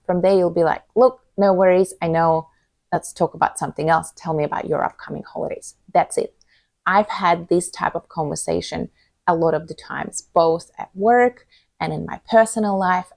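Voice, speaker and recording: A woman's voice: fairly low pitch, darkish tone, no echo. A woman coaching on communication, talking earnestly and reassuringly to camera and walking through examples. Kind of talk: advice talk to camera.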